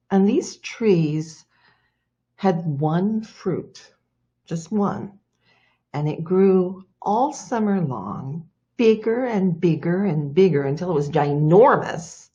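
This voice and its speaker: A woman telling a folktale with slow, dramatic pauses. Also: on the low side, a little mellow, highs cut off. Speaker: storyteller. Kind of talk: folktale storytelling.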